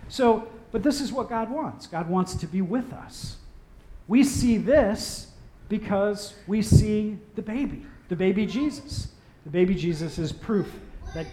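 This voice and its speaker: A man with a notably high voice delivers a relaxed, conversational sermon. He slips in playful, jokey asides, then returns to earnest points, repeating key phrases for emphasis. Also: a little slow. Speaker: pastor.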